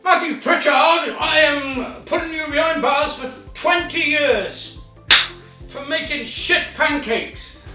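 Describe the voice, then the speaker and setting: A man doing a booming stern officer. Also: takes it slowly, roomy sound, recorded from a distance, over music. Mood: mock stern. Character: stern male officer jailing a bad cook.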